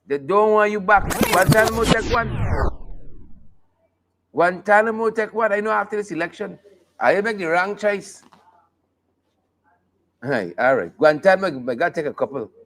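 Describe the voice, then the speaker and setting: High-voiced joking man host. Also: animated, normal speed, pauses often, a bit bright, a little hiss or hum. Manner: joking, playful, sings snippets and laughs often. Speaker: talk show host. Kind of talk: casual live show commentary.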